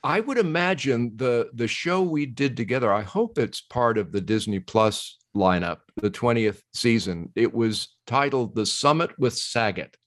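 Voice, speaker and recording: A man in his sixties, a guest on a podcast, telling stories casually and agreeing with quick laughs. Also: mid-range voice, expressive. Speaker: guest, TV host. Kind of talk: casual interview chat.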